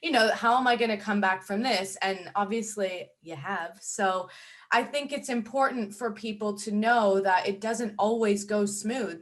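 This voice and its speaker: Encouraging woman host. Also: fairly high pitch. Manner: encouraging, affirming. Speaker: podcast host. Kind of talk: casual interview.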